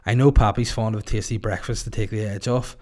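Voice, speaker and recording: Jokey Northern Irish podcast host. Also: male voice, on the low side, fast talker. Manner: jokey, rambling, deadpan asides. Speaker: podcast host and stand-up comedian. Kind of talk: casual solo podcast chat.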